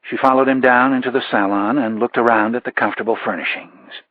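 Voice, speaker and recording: A man narrating a thriller audiobook in a measured, even delivery. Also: mid-range voice, no echo, highs cut off. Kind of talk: scripted narration.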